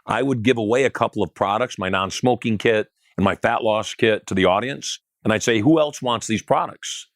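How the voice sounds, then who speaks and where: A middle-aged man, a guest on an interview show, telling his business story in an animated way and acting out the dialogue. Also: on the low side, a little fast, hardly any pauses, no room sound, studio quality.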